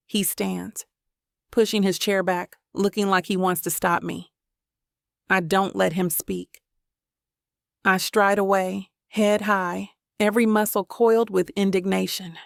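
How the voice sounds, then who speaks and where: Slightly gravelly woman narrating slowly. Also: mid-range voice, level tone, dry recording, studio quality. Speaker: audiobook narrator. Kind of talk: scripted first-person narration.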